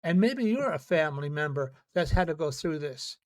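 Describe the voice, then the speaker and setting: A man hosting a podcast, telling personal stories in an earnest, halting way and often repeating words as he restarts his sentences. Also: a little high, big pitch swings. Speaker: podcast host. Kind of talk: personal storytelling monologue.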